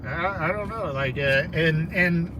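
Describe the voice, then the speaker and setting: A man from California livestreaming from a vehicle, rambling excitably through viewer comments with lots of fillers. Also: on the high side, unhurried, background noise. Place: in a moving vehicle in a city.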